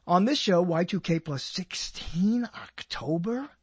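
A man's voice: sits high, animated, a little slow, darkish tone, slight background noise. An older man hosting his own radio show, rambling and joking to himself, often breaking off mid-sentence. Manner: rambling, self-interrupting, joking. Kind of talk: rambling solo monologue.

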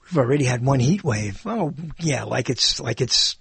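On his own show, this podcast host wanders playfully from topic to topic, often laughing at himself. He speaks at a moderate pace in an expressive, mid-range voice that's fairly bright, with some vocal fry.

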